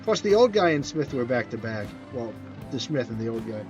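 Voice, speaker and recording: Male streamer, casual rambling chat, animated and slightly high, dull sound with faint music. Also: fairly quick. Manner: rambling, self-correcting, answers chat questions.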